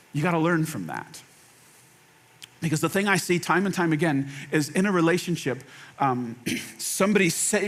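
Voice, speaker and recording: High-voiced man preaching a lively sermon. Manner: animated, acts out quoted lines, repeats phrases for emphasis. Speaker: pastor. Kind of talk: conversational sermon.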